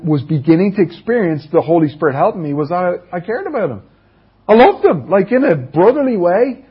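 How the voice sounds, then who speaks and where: Husky Irish preacher, earnest and confiding. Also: male voice, a little high. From Ireland. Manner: earnest, confiding, often checks in with listeners. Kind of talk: sermon, personal testimony. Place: church. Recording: dull lo-fi church recording.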